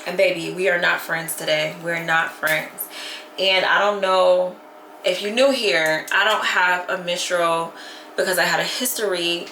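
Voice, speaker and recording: Chatty woman venting, bright and echoey. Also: lowish voice, unhurried, slight background noise. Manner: animated, venting with lots of "baby" and "like". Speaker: vlogger. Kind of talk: casual vlog chat. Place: at home.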